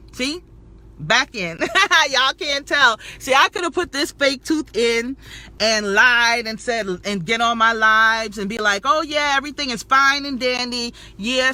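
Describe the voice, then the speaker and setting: A woman with a very bright, ringing voice gives an emotional personal testimony straight to her viewers. She is preachy and affirming, preaching self-love and calling them sweetie and y'all. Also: fairly high pitch. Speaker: health and spirituality vlogger.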